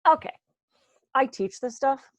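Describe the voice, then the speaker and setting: East coast lady rattling off a stress talk, quick and jokey, dry sound. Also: high-pitched, lively intonation, a bit bright, dry recording. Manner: fast-talking, self-deprecating, acts out her inner voice. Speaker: wellness speaker. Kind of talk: conference talk. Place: conference room.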